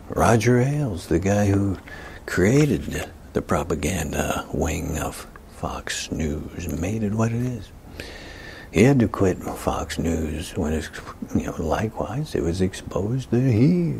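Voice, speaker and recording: A man giving a ranting political commentary, emphatic, often dropping into breathy whispered asides. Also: low voice, lively intonation, measured pace, background noise.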